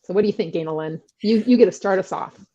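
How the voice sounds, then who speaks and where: A woman's voice: medium pitch, fast, dark tone, highs cut off. A woman hosting a podcast who introduces her guest and chats in a friendly, informal way with loose restarts. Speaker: podcast host. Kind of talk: guest introduction and casual chat.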